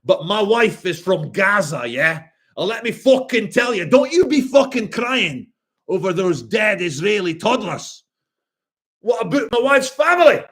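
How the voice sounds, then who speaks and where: A man voicing a mocked male politician who shouts and swears indignantly, pushing each point with a jabbing "yeah?". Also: high voice, sing-song, unhurried, pitched above the performer's own voice, full character voice.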